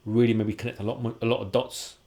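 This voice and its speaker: A man's voice: mid-range voice, flat delivery, rapid-fire, dark tone. A man, a podcast guest telling candid personal stories in a casual way and acting out the dialogue he quotes. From London, England.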